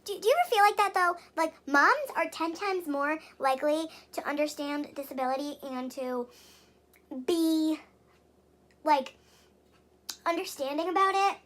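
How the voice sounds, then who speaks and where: A woman's voice: high voice, expressive, unhurried, fairly bright tone. A young woman vlogging at home, rambling and exasperated, with lots of fillers and swearing. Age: young adult. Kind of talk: casual venting vlog.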